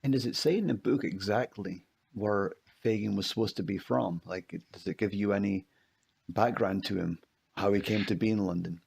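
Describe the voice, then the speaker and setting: Male co-host, casual film chat, curious questioner, gravelly low voice. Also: moderate pace, darkish tone. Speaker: podcast co-host.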